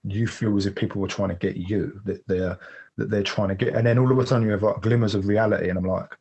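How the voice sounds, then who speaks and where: Fast-talking man, husky voice. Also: on the low side, steady tone, darkish tone. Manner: rapid, vivid retelling with restarts. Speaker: guest. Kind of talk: personal storytelling in conversation.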